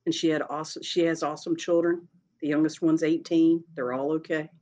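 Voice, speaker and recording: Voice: medium pitch, flat delivery, a little fast, darkish tone. A speaker telling a personal story in a casual, rambling way, often breaking into laughter. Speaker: storyteller sharing a personal experience.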